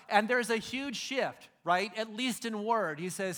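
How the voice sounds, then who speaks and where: A man in middle age delivers a sermon in a relaxed, storytelling way. His voice sits high and sounds bright and forward. He slips into slangy voices for the people in the story. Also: a little slow, few pauses. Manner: casual storytelling, acts out biblical figures in slang. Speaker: pastor.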